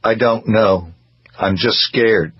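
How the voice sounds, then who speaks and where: A man voicing a depressed middle-aged man who mumbles in a flat, reluctant monotone, in a read-aloud story. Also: lowish voice, takes it slowly, breathy edge, dull audio. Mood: flat, dull.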